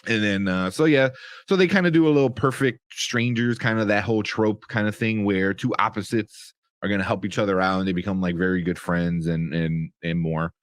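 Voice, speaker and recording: Rambling man with a low, dry voice. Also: brisk, dry recording. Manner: rambling, many fillers and restarts. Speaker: show reviewer. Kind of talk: casual spoken review.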